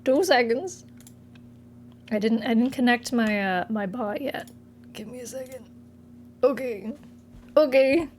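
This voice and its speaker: High-voiced woman chatting on stream at home, laughs a lot, faint hum in the back. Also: unhurried, long pauses, a little mellow. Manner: giggly, scattered, talks to herself. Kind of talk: casual livestream chat.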